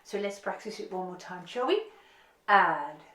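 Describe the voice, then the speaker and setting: A woman's voice: fairly low pitch, animated, moderate pace, roomy sound, noisy background. A woman teaching an online violin lesson, giving encouraging step-by-step instructions.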